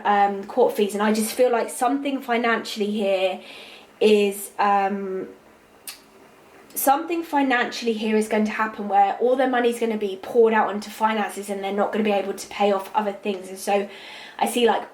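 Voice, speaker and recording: A woman giving a tarot reading in a monologue. She speaks intuitively, pauses with fillers, and repeats key words for emphasis. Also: medium pitch, a little mellow, roomy sound, rough recording. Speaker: tarot reader.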